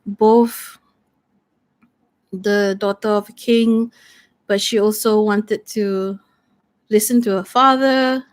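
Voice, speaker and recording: A woman's voice: medium pitch, steady tone, takes it slowly, pauses often. A woman playing through a solo tabletop story game, thinking aloud hesitantly as she reads tarot cards.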